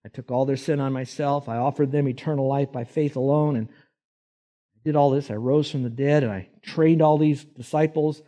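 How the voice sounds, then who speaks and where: A male preacher voicing a calm, patient Jesus recounting plainly and gently. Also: mid-range voice, normal speed, close to an everyday voice.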